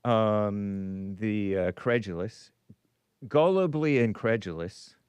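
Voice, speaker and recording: A man's voice: on the low side, slow, darkish tone, clear, resonant tone, no room sound. A man hosting a call-in show, rambling and musing aloud, breaking off mid-phrase and chuckling. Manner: rambling, self-interrupting, chuckling. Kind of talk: casual radio call-in talk.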